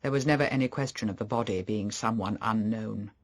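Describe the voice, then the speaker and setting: A man voicing a troubled, grimly calm gentleman in an audiobook, speaking low and measured. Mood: grave.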